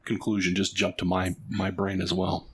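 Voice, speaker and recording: A man playing a tabletop game, thinking aloud in halting bursts. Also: low-pitched, completely flat delivery, slight background noise, poor audio. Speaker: player.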